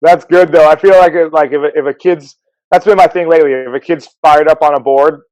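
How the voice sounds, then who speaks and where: A man's voice: fairly high pitch, fairly even intonation, brisk, a little mellow, no echo, low-quality recording. A man who coaches at a surf camp, chatting as a guest in a laid-back way, laughing often and using surfer slang. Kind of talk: casual chat.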